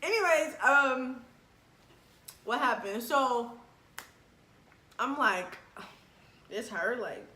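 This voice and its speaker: A young woman tells a personal story in casual chat, animated, laughing often and acting out what people said. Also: a little high, extremely slow, pauses often. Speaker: vlogger telling a story. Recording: echoey room with faint background noise.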